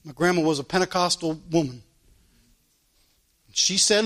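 A man's voice: a little high, normal speed, a bit bright. A man preaching a fervent sermon as pastor, quoting scripture in old-style wording.

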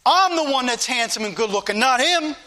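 A man's voice: extremely high pitch, animated, brisk, background noise. A middle-aged man preaching a fervent sermon in a church, his delivery rising and falling with passion.

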